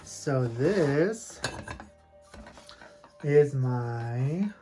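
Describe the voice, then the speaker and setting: A man vlogging from home about his houseplants, telling stories in a loose, rambling, animated way. His voice sits at an ordinary middle pitch. He laughs often along the way, and soft music plays faintly behind him. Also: very slow. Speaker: plant collector vlogger. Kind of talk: casual chatty storytelling.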